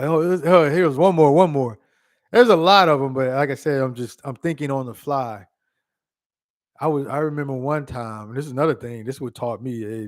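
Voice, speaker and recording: A man in his thirties telling childhood stories casually to his phone camera, animated and laughing, with quick asides and repeated words. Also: medium pitch. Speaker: vlogger.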